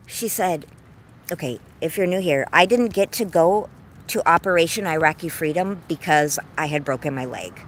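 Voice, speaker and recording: Woman, 40s, lower register, effusive heartfelt livestreamer on a walk, faint road noise. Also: animated, measured pace, pauses often. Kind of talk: casual livestream chat while walking. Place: outdoors on a walk.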